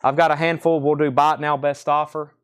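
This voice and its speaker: Smooth-voiced man selling records live. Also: on the high side, flat delivery, brisk, dry recording, clean studio sound. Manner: rattles off titles and prices, chatty asides. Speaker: record seller. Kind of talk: live sale stream, casual selling.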